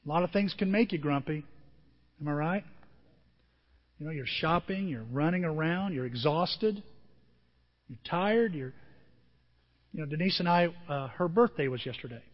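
Man, pastor: high and a bit husky, chatty sermon with rhetorical questions, long reverb on the recording. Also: expressive, normal speed, long pauses, muffled recording. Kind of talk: conversational sermon.

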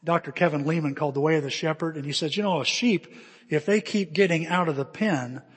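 High-voiced husky preacher in a hall. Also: male voice, fairly quick. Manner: animated, bursts into shouts and laughter while acting out stories. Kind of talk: storytelling sermon. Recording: long reverb of a large hall.

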